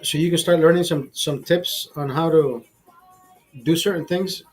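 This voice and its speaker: A man's voice: on the high side, steady tone, normal speed, a little mellow, faint music behind. A man hosting a casual livestream chat, crude and profane, rambling with many restarts. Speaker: livestream host.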